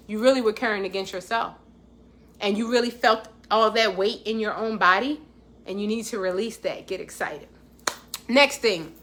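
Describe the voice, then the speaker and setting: A woman with a high, bright voice leads a motivational teaching talk. She speaks earnestly and casually, in everyday slang, and repeats key phrases for weight. It sounds like a coach talking straight to her audience. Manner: earnest and conversational, with colloquial phrasing. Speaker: life coach.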